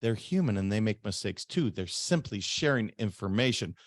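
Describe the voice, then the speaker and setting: A man's voice: lowish voice, expressive, moderate pace, dry recording, studio quality. A man hosting a podcast interview, talking earnestly and repeating words as he thinks aloud. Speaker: podcast host. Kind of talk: conversational interview.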